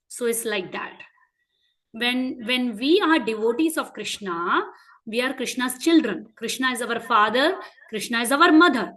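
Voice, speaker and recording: A woman with an Indian English accent leads a children's class. Her voice is high and bright. She keeps asking the children questions and tells her examples with lively, animated storytelling. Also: unhurried, rough recording. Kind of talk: interactive lesson for children.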